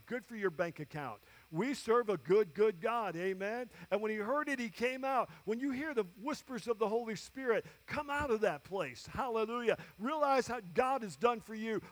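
A man in his fifties preaching a sermon, often asking the congregation "Amen?" and moving from soft, low scripture readings to loud declarations.

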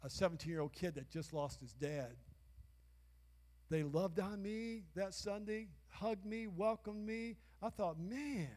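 A man in his sixties preaching a sermon as pastor, calling out to the congregation for responses and breaking into shouts. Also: high voice, measured pace. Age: 60s. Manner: call-and-response, bursts of shouting. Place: church sanctuary. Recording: long reverb of a church hall.

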